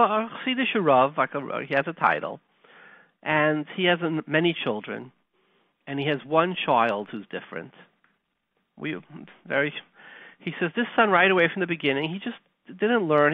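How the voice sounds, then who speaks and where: A man's voice: fairly high pitch, dry recording. A man hosting a Torah talk show, telling a story in a folksy, conversational lecturing way with Hebrew and Yiddish terms. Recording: tinny phone line, dry.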